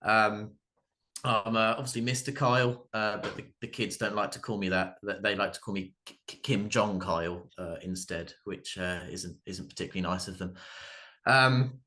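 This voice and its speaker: Man in his 30s, stand-up comic, bright forceful tone, halting delivery, dry asides. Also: on the low side, steady tone. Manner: halting, full of fillers and restarts, dry asides. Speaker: stand-up comedian. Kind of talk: stand-up comedy set.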